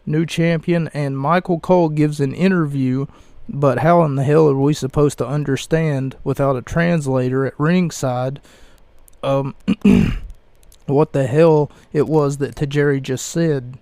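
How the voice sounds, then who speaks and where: A young man talking slowly and evenly in a mellow, low-key voice, hosting his own podcast. He rambles, hesitates and corrects himself often. The sound is dry and close. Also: fairly even intonation, dry recording. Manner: slow, halting, many fillers and self-corrections. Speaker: podcast host reviewing wrestling events. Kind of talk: casual rambling podcast commentary.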